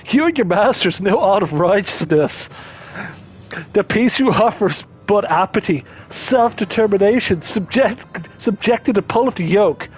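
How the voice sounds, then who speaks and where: A man's voice: high-pitched, expressive, a little slow, slightly rough, full character voice. A man voicing a laid-back male surfer-dude freedom fighter who throws out drawling, scornful retorts. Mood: defiant.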